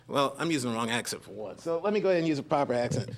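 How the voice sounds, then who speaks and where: A man's voice: fairly high pitch, big pitch swings, fast talker, hardly any pauses. A man doing his first stand-up set on a club stage, nervous and rambling with fillers, into a handheld mic. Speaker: stand-up comedian.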